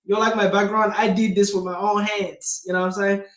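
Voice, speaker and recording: A man with a high, punchy voice talks briskly in a casual motivational vlog; he invests in real estate and hosts the channel. His manner is direct and energetic, with constant use of "guys," and he films indoors against a homemade backdrop, with roomy, echoing sound.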